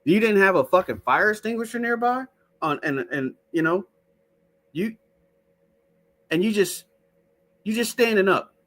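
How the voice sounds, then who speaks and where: A man's voice: high voice, animated, measured pace, pauses often, fairly bright tone. A man hosting a casual stream, talking to his chat in a profane, skeptical way. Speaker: show host. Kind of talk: casual live-stream talk.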